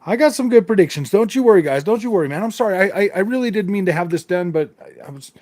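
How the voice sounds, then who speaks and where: A man's voice: high-pitched, animated, quick pace, darkish tone, no room sound. Rambling man hosting a gaming livestream. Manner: rambling, repeats himself, laughs often. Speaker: gaming channel host. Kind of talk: casual livestream chat.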